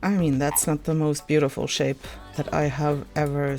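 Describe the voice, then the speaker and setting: A woman's voice: deep voice, little pitch movement, normal speed, over music. A woman giving casual commentary while playing a park-building game, thinking aloud, giggling and answering her own questions. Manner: giggly and easily delighted. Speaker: gaming YouTuber.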